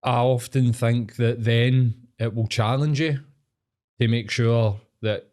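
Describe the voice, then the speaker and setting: A man's voice: medium pitch, steady tone, takes it slowly, a little mellow. A middle-aged Scottish man co-hosting a podcast, chatting in a laid-back, sweary, rambling way. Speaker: podcast co-host. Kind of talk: casual chat.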